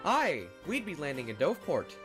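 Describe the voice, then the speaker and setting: A performer voicing a blustering old sea captain who talks in pirate slang and gruff exclamations. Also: mid-range voice, wildly swooping pitch, brisk, music in the background, voice pushed down. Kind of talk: hobby voice-acted animated fan story.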